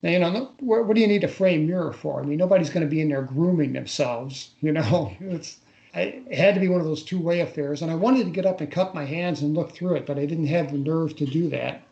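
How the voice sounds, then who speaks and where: An older man recounting a personal story in a radio interview, in a halting way that often repeats words as he recalls. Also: fairly high pitch, creaky, mellow, lo-fi sound. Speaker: interview guest. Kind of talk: casual first-person storytelling. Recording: roomy echo on a radio interview.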